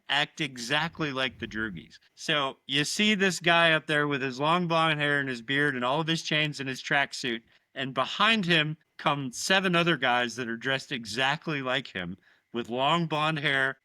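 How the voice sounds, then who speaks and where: A man's voice: a little high, bright, forceful tone, smooth, no room sound. A man co-hosting a casual podcast, animatedly retelling film scenes and swearing freely. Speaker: podcast co-host.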